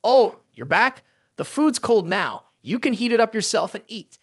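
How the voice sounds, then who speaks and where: A narrator voicing an arrogant, quick-tempered rich young man who speaks in curt commands. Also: medium pitch, big pitch swings, slightly rough, dry recording, studio quality. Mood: cold.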